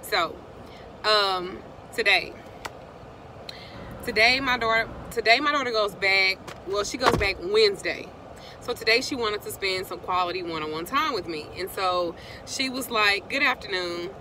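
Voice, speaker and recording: A woman's voice: mid-range voice, measured pace, background noise. A middle-aged woman, telling a rambling story to her viewers and greeting them between sentences. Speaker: vlogger.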